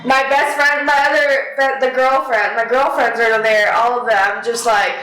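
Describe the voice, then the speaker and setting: High bright young woman telling a story. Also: normal speed, roomy sound, slight background noise, rough recording. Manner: animated, swears a lot, laughs often. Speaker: podcast co-host. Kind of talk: casual storytelling chat.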